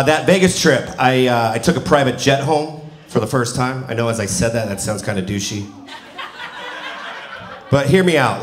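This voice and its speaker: A man in his forties doing a stand-up comedy set, telling self-mocking stories and acting out the dialogue. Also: mid-range voice. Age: 40s. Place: comedy club stage before a live audience. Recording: roomy live venue with crowd noise.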